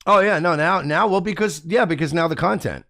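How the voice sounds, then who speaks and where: Man, radio host, gravelly, fairly high voice, blunt and crude, rambling, dry close sound. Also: fairly quick, pushed and bright, no echo. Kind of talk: casual, crude talk-show banter.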